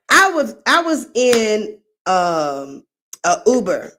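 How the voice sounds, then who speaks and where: A middle-aged woman hosts a livestream, chatting casually and telling meandering stories in a friendly, warm-hearted way. Her voice is medium-pitched with big pitch swings, and she speaks slowly.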